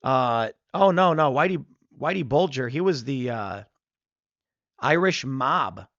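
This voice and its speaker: A man's voice: medium pitch, lively intonation, slow pace, fairly bright tone, no echo, dull audio. A middle-aged man from Chicago with a Chicago accent, hosting a political commentary show and telling rambling stories. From United States. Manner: rambling storytelling, acts out quotes.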